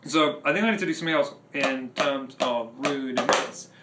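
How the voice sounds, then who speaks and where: A man's voice: mid-range voice, normal speed, heavy background noise. A man streaming live as a drummer, chatting casually to his audience in a rambling way with frequent restarts. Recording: echoey room with loud drumming behind.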